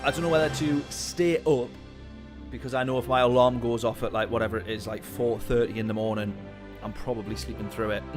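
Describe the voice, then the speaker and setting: Chatty man streaming a racing game. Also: medium pitch. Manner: chatty, reads out chat messages, excitable during racing. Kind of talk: live gameplay commentary. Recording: game music behind voice. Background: game music and car engine sounds.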